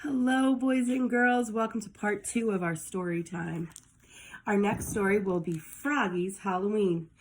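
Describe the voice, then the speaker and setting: Slow, animated storybook reader woman. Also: mid-range voice, slight background noise. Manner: slow, animated read-aloud for kids. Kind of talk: reading a children's picture book aloud.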